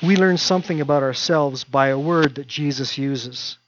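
A man's voice: fairly high pitch, moderate pace, slight background noise. A male pastor preaching a sermon in a conversational way, driving points home through repetition. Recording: dull dry recording.

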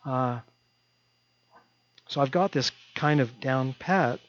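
A man's voice: mid-range voice, slow pace. A male pastor preaching a sermon in a conversational way, driving points home through repetition. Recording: dull dry recording.

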